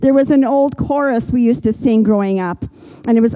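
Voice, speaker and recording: An older woman preaches earnestly and gently as a pastor, her slightly high voice mellow and warm. She slows down and pauses to let key lines land, and the recording is rough.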